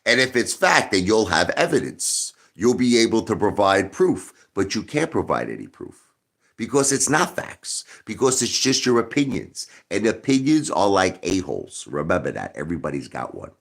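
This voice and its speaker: A man's voice: lowish voice, big pitch swings, normal speed, vocal fry, a bit bright. A man hosting a live stream, arguing with viewers in a combative way and repeating his points again and again. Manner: combative, repeats himself, talks straight to viewers. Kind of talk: livestream rant.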